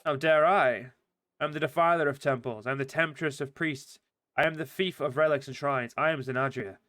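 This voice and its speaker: A man's voice: a little high, fairly bright tone, close to an everyday voice. Zenadria, a taunting demon cultist, read out by a man. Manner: reads quickly, stumbling and restarting words. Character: scheming female demon cultist, taunting and cruel. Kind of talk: reading game dialogue aloud.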